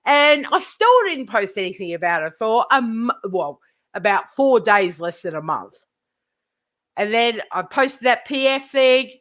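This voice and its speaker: A woman's voice: fairly high pitch, very animated, a little slow, a bit bright. A woman live streamer ranting to her chat, indignant, swearing heavily and repeating herself.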